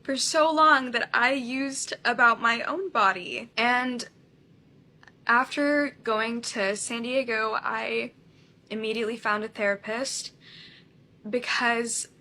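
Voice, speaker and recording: A woman's voice: fairly high pitch, fairly even intonation, slow pace, pushed and bright, a little hiss or hum. A woman content creator candidly telling a personal story to camera, often laughing as she talks. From India.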